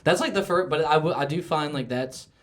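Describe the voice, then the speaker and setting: A man's voice: a little high, a little fast. A young man co-hosting a podcast, chatting casually, rambling with lots of fillers and frequent laughs. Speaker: podcast co-host. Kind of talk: casual chat.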